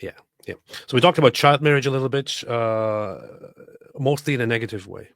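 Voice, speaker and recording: A man's voice: medium pitch, fairly quick, fairly bright tone, dry recording, studio quality. A man co-hosting a casual livestream, reading viewer comments aloud and joking with frequent laughs. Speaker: livestream co-host.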